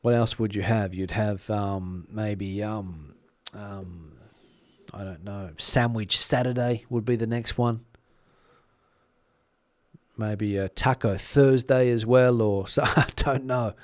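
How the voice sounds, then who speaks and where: A man's voice: fairly low pitch, fairly even intonation, takes it slowly, no echo. A middle-aged man with an Australian accent, casually chatting on a live stream, rambling with plenty of fillers and restarts. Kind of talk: casual live-stream chat reading comments.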